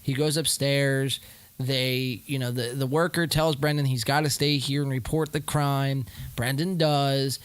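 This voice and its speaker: A man's voice: medium pitch, steady tone, a little slow, clean tone, no room sound. A man hosting a podcast, casually breaking down video clips and calling out lies with lots of ums and rights. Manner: skeptical, calls out lies with filler-heavy talk. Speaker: podcast host reviewing clips. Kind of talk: casual commentary.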